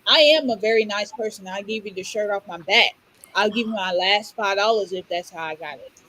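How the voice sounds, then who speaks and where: A young woman from Orlando who tells stories in a blunt, animated way, swearing freely in casual podcast chat. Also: mid-range voice, a little fast, slight background noise, rough recording. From Orlando, Florida. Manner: blunt, animated storytelling with profanity.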